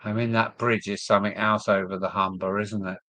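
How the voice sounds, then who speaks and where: A fairly quick, lowish male voice with little pitch movement and a bright, forceful tone comes through with no room sound. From Kent and speaking with a southern English accent, he hosts a model railway stream, musing aloud over viewer comments with lots of ums as he trails off.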